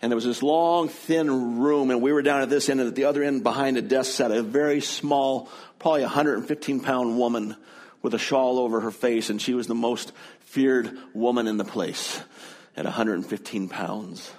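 A man's voice: mid-range voice, fairly even intonation, normal speed, darkish tone. A middle-aged man preaching, telling a personal story in an earnest, conversational way before moving into scripture. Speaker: pastor.

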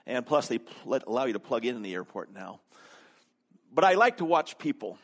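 A man's voice: medium pitch, big pitch swings, a little fast. A man preaching a sermon, telling a story conversationally, with humor and frequent fillers. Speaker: pastor.

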